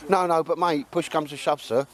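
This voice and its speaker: Out at a woodland campfire, a male vlogger jokes around with his mates and teases them in a laddish way. His voice is fairly high, with fairly even intonation and a normal pace.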